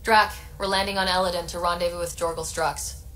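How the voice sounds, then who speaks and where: An actress voicing a young female expedition leader in a video game, giving orders in a crisp, commanding way. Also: on the low side, little pitch movement, brisk, fairly bright tone, faint music behind, natural voice. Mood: brisk. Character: young human woman, expedition leader, brisk.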